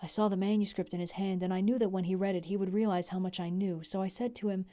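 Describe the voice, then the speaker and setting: A young adult woman reading a classic novel aloud on a livestream, with an expressive delivery. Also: mid-range voice, fast talker, hardly any pauses. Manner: expressive reading, laughs in chat breaks.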